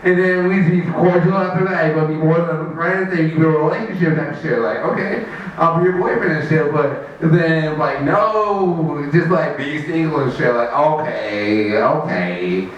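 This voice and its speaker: Rambling high-voiced man at an open mic. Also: normal speed, far from the mic, dull audio, slight background noise. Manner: rambling, fillers of "like", high mock voices for quoted friends. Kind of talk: rambling stand-up storytelling. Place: small open mic venue. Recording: very echoey room, mic from afar.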